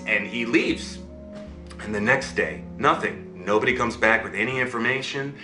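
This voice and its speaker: A man telling a fairy tale to listeners in an animated way, often checking in with them as he goes. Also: lowish voice, normal speed, roomy sound, over music. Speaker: storyteller.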